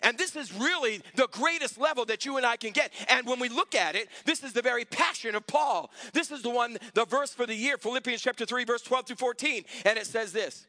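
Guy preaching in church, really high bright voice, dry close sound, calls out for amens. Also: fairly quick, hardly any pauses, dry recording. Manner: preaching with call-and-response, rising to shouts. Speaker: pastor. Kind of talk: sermon.

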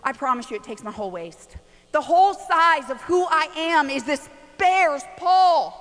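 A middle-aged woman preaching a sermon, telling a family story with lots of animation, hushed at times and shouting at others. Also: high voice, expressive, moderate pace. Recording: long reverb of a large hall.

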